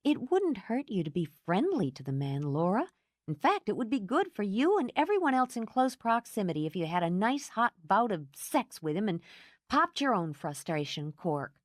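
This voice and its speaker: A woman's voice: medium pitch, very animated, moderate pace, no echo, clean studio sound, voice pushed up. A woman voicing a bold, blunt woman friend who teases and pushes. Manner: brash, pushy.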